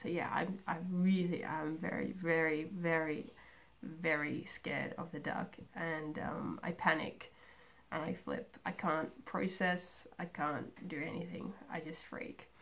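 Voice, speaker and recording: Chatty woman with a low voice. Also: fairly even intonation, a little slow, gravelly, a bit bright. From Australia. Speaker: craft vlogger. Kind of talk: casual personal chat.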